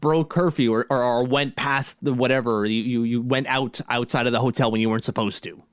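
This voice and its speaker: A man's voice: mid-range voice, steady tone, fairly quick, no room sound, clean studio sound. A man co-hosting a sports podcast in casual chat, rambling with many restarts. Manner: rambling, frequent restarts and laughs. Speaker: podcast co-host.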